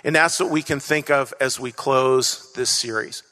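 Here a male pastor preaches in a medium pitch, measured and pushed, with a bright edge. His earnest sermon to the congregation repeats key lines and draws call-and-response from the crowd, recorded on a church stage amid hall echo.

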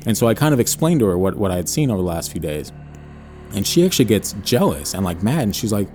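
A man's voice: sits low, very animated, fast, warm tone, soft background music. A man co-hosting a podcast, telling a personal story in a rambling casual way full of fillers. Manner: rambling, hedging with many fillers. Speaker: podcast co-host.

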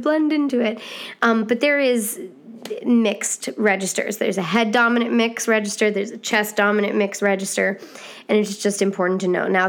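A woman teaching singing on a podcast, chatty and encouraging, with a pitch that sits in the ordinary middle. She explains at an easy pace and now and then jumps up into bright, high demonstration hoots. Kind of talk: casual podcast lesson.

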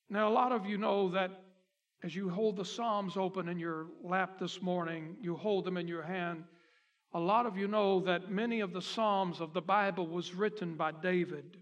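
Bright-voiced man preaching a sermon. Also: high voice. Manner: preaching with emphatic repetition, slowing on key phrases. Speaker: pastor. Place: church sanctuary.

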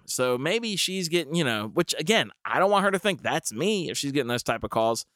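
A man's voice: fairly high pitch, very animated, a little fast, hardly any pauses, a bit bright, no room sound, studio quality. A young man telling a comic story with wry, rambling asides. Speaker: comedian. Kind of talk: storytelling comedy monologue.

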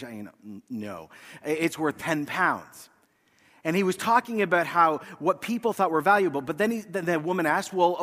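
A man preaching to his congregation, easing into his point through a lively anecdote and slipping into the voices of the people he describes. His voice sits slightly high for a man. A long church reverb trails after every phrase. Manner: storytelling, acts out quoted voices. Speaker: pastor. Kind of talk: sermon.

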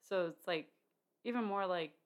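A woman talking films in a relaxed back-and-forth, her voice sitting a little low. She rambles and restarts her sentences, with plenty of fillers. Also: normal speed. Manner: chatty, many fillers and restarts. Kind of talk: casual film discussion.

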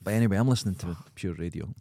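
A Scottish man co-hosting a podcast in casual chat, animated and mocking. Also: sits low, racing, creaky, dry recording, studio quality. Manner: animated, mocking, breaks into exaggerated impressions. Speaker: podcast co-host.

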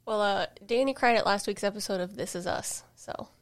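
A woman in casual chat, playfully telling a quick anecdote about her partner. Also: mid-range voice. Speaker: podcast guest, partner of a host.

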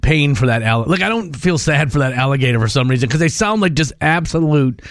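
A man's voice: a little high, animated, fast talker, no echo, studio quality. A man co-hosting a radio morning show, joking and reacting to stories. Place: radio studio. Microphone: studio microphone.

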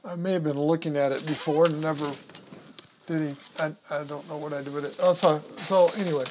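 A man's voice: a little high, steady tone, a little fast, noisy background. A man co-hosting a podcast, explaining a Bible passage step by step. He reads verses and Greek words aloud and thinks aloud as he looks through his books. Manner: reads scripture and Greek words aloud, stumbling over pronunciation. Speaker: podcast co-host. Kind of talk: casual teaching talk on scripture.

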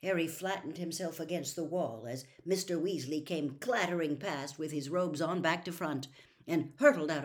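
A woman reading a novel aloud as a storyteller in an expressive, lively way. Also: lowish voice. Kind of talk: audiobook reading.

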